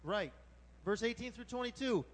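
A man preaching a sermon as pastor, animated and colloquial, with sudden exclamations. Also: extremely high pitch, normal speed, in a large hall.

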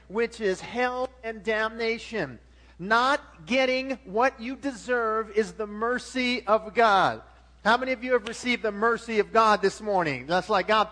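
A man's voice: extremely high pitch, bright, forceful tone. A middle-aged man preaching a sermon as pastor, emphatic with frequent restarts and swelling volume.

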